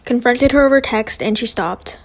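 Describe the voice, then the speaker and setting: A young woman narrating a storytime fast, chatty and dramatic, acting out the quoted lines. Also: fairly high pitch, no room sound.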